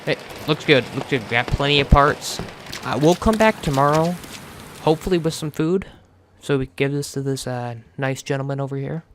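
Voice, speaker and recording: A man's voice: on the high side, moderate pace, fairly bright tone, a little hiss or hum. An American man hosting a gaming channel, giving chatty let's play commentary as he plays, swearing freely and restarting words. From United States.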